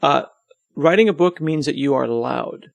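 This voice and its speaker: A man's voice: on the high side, moderate pace, creaky, no room sound. A man being interviewed on his podcast, chatting casually and joking about himself. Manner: joking, self-deprecating, rambling.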